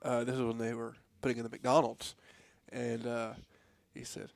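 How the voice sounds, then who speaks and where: A man's voice: medium pitch, completely flat delivery, normal speed, vocal fry. A man co-hosts a talk radio show from the studio, chatting in an easygoing way. His voice sits close and dry with no room echo. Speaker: radio co-host. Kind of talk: casual radio chat.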